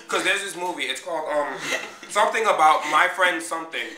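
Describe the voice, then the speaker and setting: A man's voice: fairly quick, a little hiss or hum. A man doing a crude, giggly comic rant for a vlog, often jumping into squeals. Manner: loud, crude, giggly, jumps into high squeals. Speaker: vlogger. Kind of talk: rowdy comic monologue to friends. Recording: echoey room with friends around.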